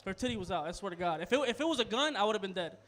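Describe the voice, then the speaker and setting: High-voiced young man telling a stand-up story. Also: expressive, rapid-fire. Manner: storytelling, swings between muttered asides and loud punchlines. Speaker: stand-up comedian. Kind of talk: stand-up set. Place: small comedy club with a live audience.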